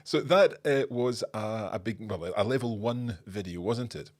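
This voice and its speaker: A man's voice: lowish voice, a little slow. A man hosting a live online presentation in a friendly, chatty way. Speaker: host.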